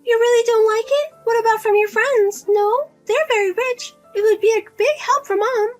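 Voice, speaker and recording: A woman voices a pushy middle-aged mother, nagging, pleading with, and guilt-tripping her grown daughter in a whiny mood. Her voice is very high and moderately paced, with soft background music.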